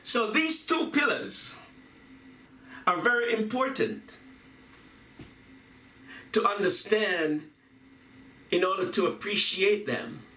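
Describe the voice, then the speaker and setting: A man giving a reflective talk on poetry and music, speaking deliberately, repeating phrases and chanting rhythms aloud. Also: sits high, animated, sharp tone. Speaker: video essayist on poetry and music. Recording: echoey room, voice from a distance.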